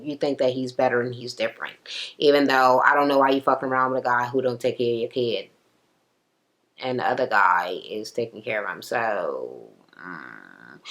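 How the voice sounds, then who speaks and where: A woman giving a blunt, profane, casual recap of a reality show, slipping into exaggerated quoted voices. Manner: blunt, sassy, heavy swearing, acts out quotes in raised pitch.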